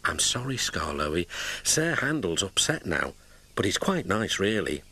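A British man voicing a kind, gentle young male steam engine in a storybook, speaking softly and apologetically. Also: lowish voice, sing-song, measured pace, creaky, slight background noise, full character voice. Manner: soft, apologetic, hushed.

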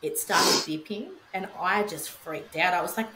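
A woman's voice: mid-range voice, a little fast, hardly any pauses, a bit bright, echoey room, a little hiss or hum, poor audio. A young woman telling her story in casual podcast chat, candid, swearing freely, with many fillers. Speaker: podcast guest, bereaved mother.

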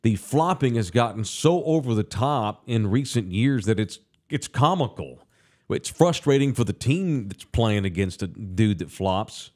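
A man's voice: fairly low pitch, animated, measured pace, darkish tone. A man hosting a casual talk show, ranting profanely and with animation.

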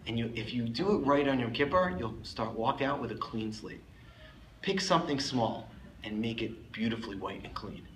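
A man's voice: medium pitch, animated, moderate pace, a bit bright, a little hiss or hum. A man giving a sermon as a rabbi, telling a story emphatically and lifting his voice on key words. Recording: echoey room, faint ambience.

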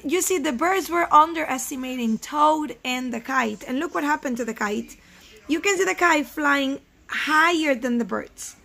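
A woman teaching first graders a reading lesson, asking questions gently and switching into Spanish now and then. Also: high-pitched, vocal fry. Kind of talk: remote reading lesson for children.

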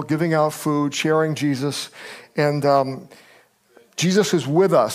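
An older man preaching a sermon as pastor, telling stories with energy and acting out the people he quotes. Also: on the high side. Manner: animated storyteller, acts out quotes.

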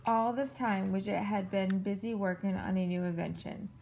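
A woman reads a children's picture book aloud at home in a clear, patient storytelling manner. Her voice sits at an ordinary pitch with a touch of vocal fry. A faint background hiss runs under the recording. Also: steady tone, normal speed, warm tone, rough recording. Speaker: parent reading to a child.

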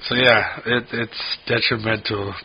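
Somewhat low and husky, this man's voice stays level and measured as he co-hosts a podcast. He rambles through stories in easygoing chat, cursing freely, over dull, lo-fi podcast sound.

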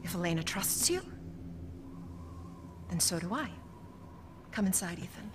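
An actress playing a calm, commanding village matriarch in a video game. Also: female voice, fairly low pitch, a little slow, background noise. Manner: calm, authoritative.

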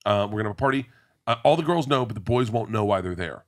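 Brief: bold, blunt teen girl announcing plans, quoted by her dad in a lower tone. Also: expressive, fast talker, close to an everyday voice. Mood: matter-of-fact. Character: teenage girl, bold and matter-of-fact.

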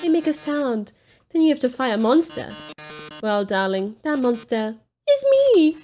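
A woman's voice: high voice, big pitch swings, measured pace, warm tone, soft background music. A woman voicing a flamboyant male robot TV star who drawls and calls everyone darling, reading a video game aloud. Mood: theatrical.

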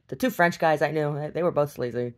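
A middle-aged woman speaking in a candid video diary, weary and blunt, swearing freely and breaking into wry laughs. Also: low-pitched. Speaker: video diarist.

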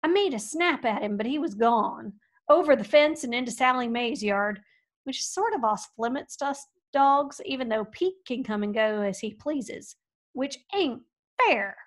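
A woman reading a storybook aloud with folksy, lively expression. Her voice sits a little high, and she swings between hushed asides and loud outbursts. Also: moderate pace. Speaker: audiobook reader. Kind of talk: storybook narration.

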